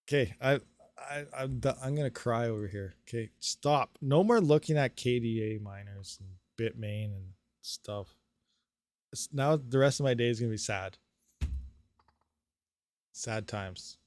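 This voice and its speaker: A man hosting a live stream, thinking aloud through calculations with excitable bursts and laughs. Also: medium pitch, measured pace, pauses often, no echo. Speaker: crypto mining streamer.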